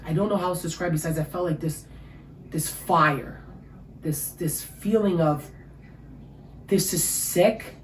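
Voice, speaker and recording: A woman's voice: on the low side, measured pace, long pauses. A woman, giving an emotional personal testimony as an interview guest. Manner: emotional, storytelling, animated. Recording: echoey room with faint ambient noise.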